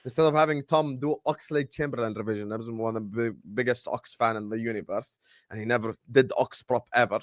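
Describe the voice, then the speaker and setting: A man's voice: medium pitch, steady tone, quick pace, no echo, studio quality. A young man hosting a casual football chat, bantering with his co-hosts and reading fan messages aloud. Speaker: podcast host.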